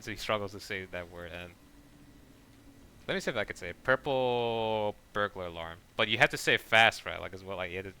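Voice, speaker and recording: A man chatting casually while playing a game, rambling and saying he talks too fast. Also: lowish voice, pushed and bright, a little hiss or hum. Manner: rambling, self-describes talking too fast. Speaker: gaming streamer. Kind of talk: casual gameplay commentary.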